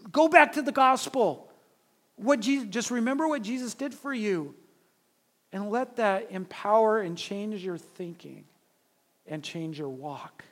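A man preaching a sermon as pastor, emphatic, swinging between loud urging and quiet asides, often repeating and restarting his words. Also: high-pitched.

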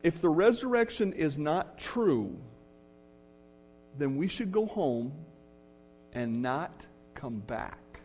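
A man's voice: on the high side, lively intonation, takes it slowly, pauses often, darkish tone, a little hiss or hum. A male pastor preaching a sermon in church, earnest, leaning hard on key phrases.

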